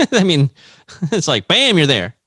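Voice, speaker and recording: Podcast dude who talks real slow, lots of up and down in his voice, laughs a lot, dry close mic. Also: fairly high pitch, wildly swooping pitch, bright, forceful tone, husky, dry recording. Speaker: podcast co-host. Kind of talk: crude comedic podcast banter.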